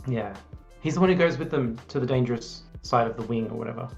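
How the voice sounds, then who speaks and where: A man's voice: mid-range voice, fast talker, gravelly, darkish tone, highs cut off, soft background music. An Australian man co-hosting a casual movie chat, guessing aloud and laughing easily. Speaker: co-host.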